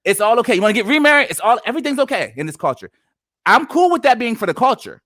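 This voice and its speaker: Guy cohosting a faith podcast, high voice swinging all over, really emphatic, dry close sound. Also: fast talker, no echo. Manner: animated, emphatic preaching-like delivery. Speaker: podcast co-host. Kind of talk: faith-based casual discussion.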